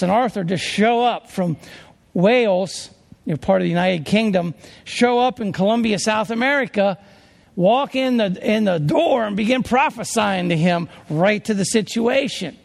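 A pastor from Pennsylvania preaches in an earnest, conversational way, often restarting his sentences. His voice sits fairly high with a gravelly edge, and a long hall reverb trails behind him. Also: measured pace, a little mellow. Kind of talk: sermon storytelling.

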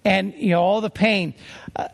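A man's voice: high voice, fairly even intonation, moderate pace, vocal fry. A man preaching a sermon as a traveling preacher, earnest and emphatic as he tells stories.

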